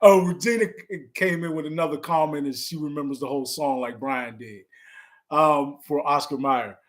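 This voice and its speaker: A man's voice: fairly high pitch, moderate pace. A man hosting a live stream in a casual, laid-back way, chuckling often and spelling words out letter by letter as he chats with viewers.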